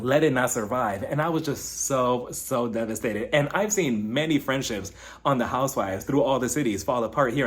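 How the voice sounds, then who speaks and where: A man in the middle of a casual reality show recap, his voice sitting at an ordinary pitch. He talks in an animated, gossipy way and now and then jumps way up high to mimic the cast. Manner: animated, shifts into high-pitched impressions when quoting. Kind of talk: casual commentary.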